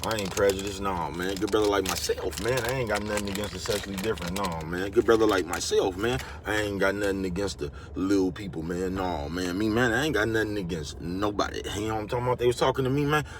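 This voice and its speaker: A man rattles off a rambling motivational vlog at a fast clip. He talks in loose slang and keeps coming back to his pet phrases. Faint noise hums under the recording. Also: on the low side. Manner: rambling, slangy, repeats catchphrases. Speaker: vlogger. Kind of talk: casual motivational monologue.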